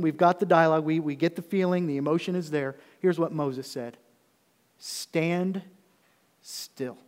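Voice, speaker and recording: A middle-aged man delivers a sermon in a high voice, slowing down to read scripture aloud and then pressing hard on his main points. His voice rings out with a long reverb, as in a large hall. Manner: preaching with rising intensity, reading scripture slowly. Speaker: pastor.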